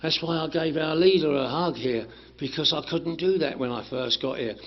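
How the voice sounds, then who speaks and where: A man telling his recovery story to a meeting in an animated way, acting out the dialogue, swearing and laughing. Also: fairly high pitch, moderate pace. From England. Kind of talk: personal recovery story told to a group. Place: community meeting room. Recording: dull lo-fi room recording.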